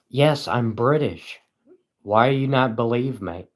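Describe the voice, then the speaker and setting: A man livestreaming at home, reading chat aloud and answering with deadpan sarcasm and frequent chuckles. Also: fairly low pitch, a little slow.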